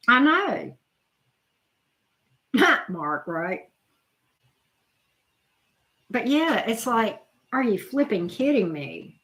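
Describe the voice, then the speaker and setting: Reading out her live chat, a middle-aged channel host chats away, calling out viewers' names and exclaiming often as she reacts. Her voice sits on the high side with a fairly bright tone.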